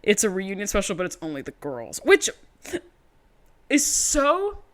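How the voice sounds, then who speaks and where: A woman co-hosting a podcast, chatting casually in a profane, animated storytelling way. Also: medium pitch, a little slow. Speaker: podcast co-host. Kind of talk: casual recap chat.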